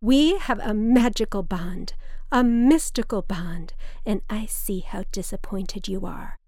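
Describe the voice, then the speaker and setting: Woman doing a drunk older mother, theatrical, intense, loud and pushy, dry close sound. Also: mid-range voice, a little slow, no room sound, close to an everyday voice.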